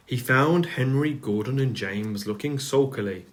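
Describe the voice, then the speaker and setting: A man reading a children's storybook aloud, calm and measured. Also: mid-range voice. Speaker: narrator.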